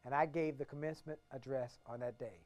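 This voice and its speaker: Booming, emphatic motivational man speaker. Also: steady tone, fast talker. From Washington, D.C. area. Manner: emphatic, swinging from hushed to booming, repetitive storytelling. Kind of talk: motivational keynote speech.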